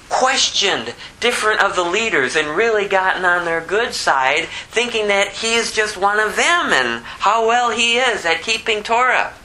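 A man preaching an expository Bible sermon in an animated way, reading scripture aloud and swinging from hushed asides to loud, emphatic bursts. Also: sits high, measured pace, hardly any pauses, rough recording. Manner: reads scripture aloud in King James wording. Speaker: pastor.

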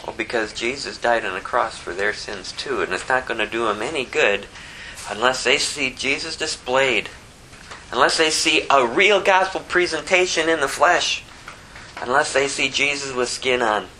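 A woman preaching a sermon with emphatic rhetorical questions and wide swings in pitch. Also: moderate pace, pushed and bright, a little hiss or hum, poor audio.

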